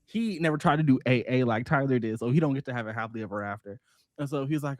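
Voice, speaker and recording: Animated, profane male book vlogger. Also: medium pitch, quick pace, dry recording, studio quality. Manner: animated, profane storytelling with quoted voices. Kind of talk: casual book recap vlog.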